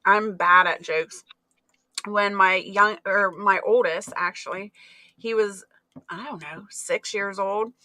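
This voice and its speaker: A woman's voice: medium pitch, fairly even intonation, takes it slowly, pushed and bright, dry recording. A woman hosting a livestream, chatting casually and playfully about her pranks. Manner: playful, joking. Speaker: livestream host.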